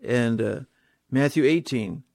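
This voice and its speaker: A man's voice: medium pitch, slow pace, vocal fry, a little mellow, dry recording, studio quality. A man preaching a sermon, stressing key words by repeating them and putting rhetorical questions to his listeners.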